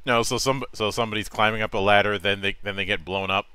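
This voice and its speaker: A man hosting a casual interview, jokey and self-deprecating, often halting and restarting his words. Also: lowish voice, fairly even intonation, pushed and bright, clear, resonant tone. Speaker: interviewer and channel host.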